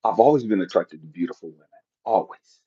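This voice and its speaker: Blunt, profane man with a husky voice. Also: lowish voice, quick pace, highs cut off. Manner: blunt, profane, animated, jumps to shouting for emphasis. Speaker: motivational speaker. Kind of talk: profane motivational talk.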